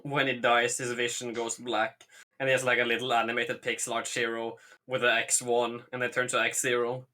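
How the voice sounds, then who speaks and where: A man co-hosting a stream, chiming in with deadpan one-line quips. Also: mid-range voice, fairly quick. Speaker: stream co-host. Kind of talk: casual comedic commentary.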